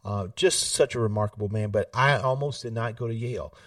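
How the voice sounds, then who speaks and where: A man, telling stories in an animated way, laughing often and acting out family voices. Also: lowish voice, brisk, no echo, far from the mic. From South Carolina. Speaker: political candidate, guest. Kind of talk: casual storytelling interview. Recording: dry sound, set back from the mic.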